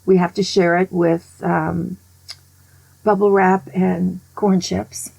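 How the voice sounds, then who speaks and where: A woman over sixty-five giving a casual, opinionated monologue as a vlogger. She is an animated, grumbling storyteller who often drops to a whisper. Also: on the low side, takes it slowly, vocal fry, background noise.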